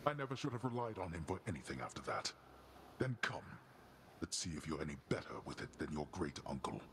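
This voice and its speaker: A cold scornful god of the dead, super deep voice, formal and cutting, game cutscene style. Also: male voice, sing-song, fairly quick, a bit bright, full character voice. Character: stern, cold male god of the dead, father. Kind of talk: video game voice acting.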